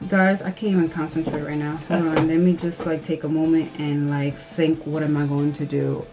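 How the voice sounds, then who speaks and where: Woman, beauty vlogger, casual tutorial chat, nervous, squeals and gasps, lowish voice. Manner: nervous, excitable, squealing and gasping.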